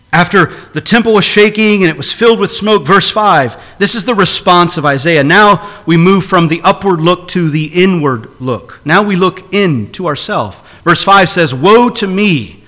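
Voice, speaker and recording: A man's voice: sits high, sharp tone. A man preaching a sermon to a congregation, earnest and emphatic, driving his points home with repeated phrases. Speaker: pastor. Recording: long reverb of a large hall.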